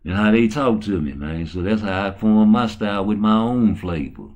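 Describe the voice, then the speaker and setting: A man hosting a show in slangy, casual chat, talking low and quick and crooning slow love songs in a higher voice. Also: darkish tone, lo-fi sound. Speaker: show host.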